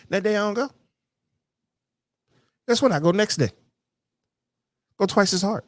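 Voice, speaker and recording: A podcast host rants bluntly about a complaining coworker in a casual monologue on his own show, with heavy profanity and an occasional whiny voice to mock people. His voice is high-pitched at a moderate pace with long pauses, and the studio sound is clean with no echo.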